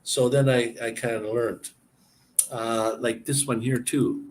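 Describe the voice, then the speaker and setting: A man's voice: medium pitch, steady tone, slow. A man vlogging, casually explaining a point and retelling small exchanges in a chatty way.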